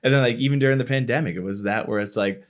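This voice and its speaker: Talking rapid-fire at a medium pitch, the podcast host, a company marketing lead from Florida in his thirties, rambles his way through his story during a casual interview. He pokes fun at himself and acts out his own past thoughts.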